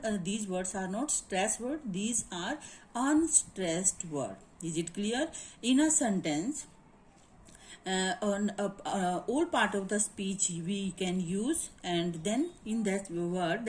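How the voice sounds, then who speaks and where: A woman teacher speaks with an Indian English accent in a medium-pitched, darkish voice, and the audio is poor with a little hiss or hum. It's a classroom lecture on grammar in which she explains, goes over points again, and checks understanding with "is it clear?"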